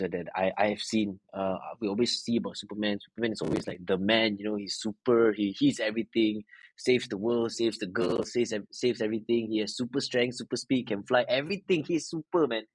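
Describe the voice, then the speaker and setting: A man's voice: lowish voice, dry recording, low-quality recording. A man from Malaysia with a Malaysian English accent, chatting casually as an interview guest and slipping Malay words into his English. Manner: relaxed, mixes in Malay words and "lah".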